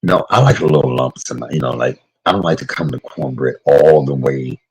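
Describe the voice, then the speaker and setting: Speaking at normal speed in a very deep voice, a middle-aged man cooks and chats with viewers, emotional and talkative, reading their comments and calling chatters by name. The audio is poor, with a little hiss or hum.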